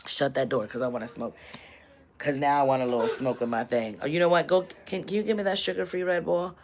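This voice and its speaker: Woman comedian on a live stream, deep voice, loud and teasing, lots of slang. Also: fast, a little hiss or hum. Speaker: comedian hosting a livestream. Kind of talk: casual livestream chat.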